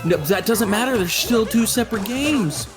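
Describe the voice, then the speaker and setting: Teasing, argumentative man over loud game music. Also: high voice, lively intonation, moderate pace. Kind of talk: casual voice-chat banter.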